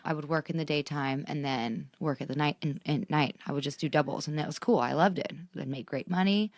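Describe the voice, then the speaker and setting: Low-voiced bubbly young woman co-host. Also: a little fast, no echo. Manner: bubbly, laughs often, sometimes swears. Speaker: podcast co-host. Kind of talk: casual chat.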